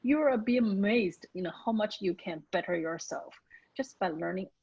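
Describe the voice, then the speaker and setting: Woman interview host, encouraging, filler-heavy casual speech, breathy voice, dead-dry room. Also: mid-range voice, lively intonation, moderate pace, a little mellow, dry recording. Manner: earnest and encouraging, frequent fillers and "you know". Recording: dry, dull lo-fi recording.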